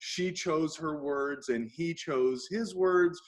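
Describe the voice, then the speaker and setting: Man, talk show host, animated storytelling, acts out quotes, changing pace. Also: fairly high pitch, slow pace. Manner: acts out quoted voices, shifts pace often.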